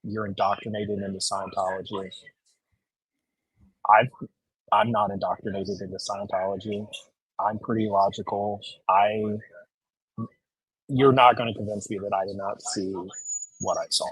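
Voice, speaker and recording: Casting: husky, blunt man, casual livestream guest, dry close sound. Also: lowish voice, moderate pace, long pauses, dry recording, low-quality recording. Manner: blunt, profane, animated retelling.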